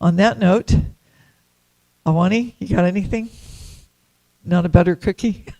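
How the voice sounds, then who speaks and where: Laughing, mellow-voiced woman telling stories. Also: on the low side, unhurried, gravelly, dull audio. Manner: chatty storytelling, laughs often. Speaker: class speaker at a temple. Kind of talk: devotional class talk.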